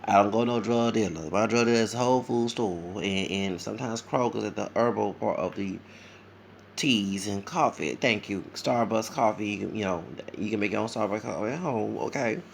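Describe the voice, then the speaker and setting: A tired man from Louisiana with a Louisiana accent, talking fast and rambling in an opinionated livestream monologue. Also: fairly low pitch, vocal fry, slight background noise. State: tired, sleepy. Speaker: vlogger.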